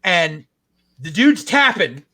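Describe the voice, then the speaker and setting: A man co-hosting a podcast, recapping a show in a profane, animated rant. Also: fairly high pitch, takes it slowly. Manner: profane, animated retelling with acted-out quotes. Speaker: podcast co-host.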